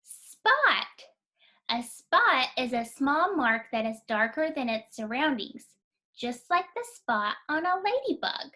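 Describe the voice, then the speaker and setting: A kindergarten teacher, a woman with a high voice, leads a phonics lesson. She speaks slowly and clearly, sounding out each letter and praising the children as she goes. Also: sing-song, bright, forceful tone.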